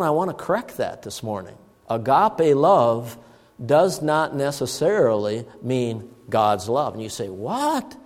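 A man preaching a sermon as a pastor, emphatic and slowing down to stress key words. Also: fairly high pitch, long reverb tail.

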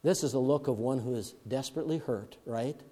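A male preacher giving a sermon, swinging from loud emphatic bursts to hushed murmurs. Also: medium pitch, fairly quick. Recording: long reverb of a large hall.

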